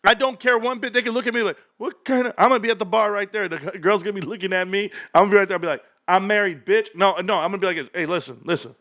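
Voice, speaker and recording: A man in his thirties hosting a stock livestream, ranting excitedly and telling rambling stories. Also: rapid-fire, hardly any pauses. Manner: hyped, rambling, loud swings, laughs often; lower storytelling mode.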